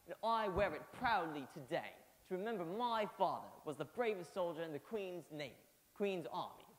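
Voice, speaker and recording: A man's voice: high voice, lively intonation, moderate pace. A young man playing a proud, stubborn boy who boasts about his soldier father. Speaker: stage actor. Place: church stage. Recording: reverberant hall.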